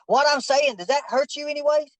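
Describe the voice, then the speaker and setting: A man's voice: very high-pitched, brisk, no echo, rough recording. A man in a heated confrontation, insistent and preachy, repeating his questions over and over.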